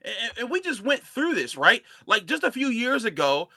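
Animated high-voiced man ranting. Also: no room sound. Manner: animated, ranting, quick to laugh. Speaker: sports talk show co-host. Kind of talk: casual sports debate.

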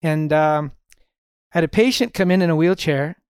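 Middle-aged male guest, relaxed storyteller, fairly high voice, dry sound. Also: normal speed, clean tone, no room sound. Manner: relaxed storyteller, sprinkles in "you know". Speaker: podcast guest. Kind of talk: casual storytelling conversation.

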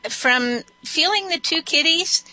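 A woman's voice: extremely high pitch, lively intonation, takes it slowly, bright, forceful tone, dry recording, poor audio. A woman working as an animal communicator who speaks to a caller on a radio show in a matter-of-fact, assured way. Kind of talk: call-in radio consultation.

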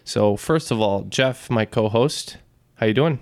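A man co-hosting a casual trivia podcast in a studio, easygoing and full of drawn-out fillers. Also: mid-range voice, darkish tone. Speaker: podcast co-host.

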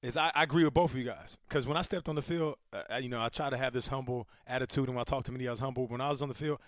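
A man's voice: medium pitch, fairly even intonation, rapid-fire, dry recording, studio quality. A man, a former athlete, hosting a casual sports chat, teasing and agreeable. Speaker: show host, former athlete.

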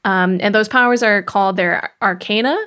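A woman's voice: medium pitch, moderate pace, pushed and bright. A woman co-hosting a podcast, recapping a movie plot in casual chat with frequent fillers. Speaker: podcast co-host.

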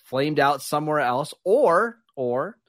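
A man co-hosting a football podcast, giving brisk, decisive opinions in casual talk. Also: a little high, lively intonation, fairly bright tone, dry recording. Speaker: podcast co-host.

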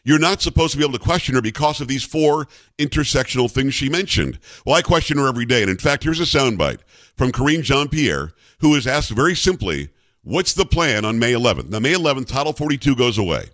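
A man hosting a political commentary show, talking in a sarcastic, animated way. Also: mid-range voice, fast, no echo, clean studio sound. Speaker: talk show host.

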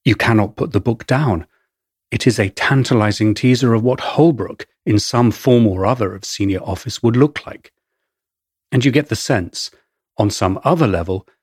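A man with an English accent narrates his own memoir in a wry, measured storytelling manner. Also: lowish voice, breathy edge, no room sound, clean studio sound. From England. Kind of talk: first-person memoir narration.

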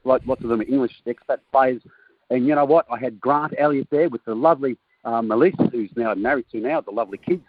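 A fast-talking man with a medium-pitched voice calls in by phone from Australia, so the dry audio sounds narrow and tinny. He's a guest in a casual chat, telling jokey stories.

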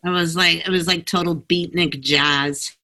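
Bright-toned woman hosting a chat. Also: lowish voice, a little slow. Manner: relaxed, brief agreeing replies. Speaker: podcast host. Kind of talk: casual podcast interview.

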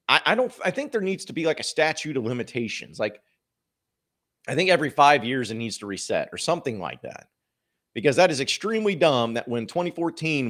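A man's voice: medium pitch, fairly bright tone. A man hosting a sports podcast, giving opinionated, rambling commentary with plenty of filler words.

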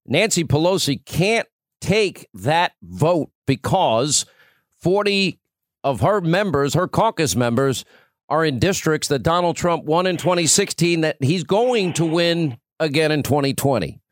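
A man hosting a talk show interview, pointed and brisk as he interjects and gives his own views. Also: on the high side, expressive, no echo, clean studio sound. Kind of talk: interview with political commentary.

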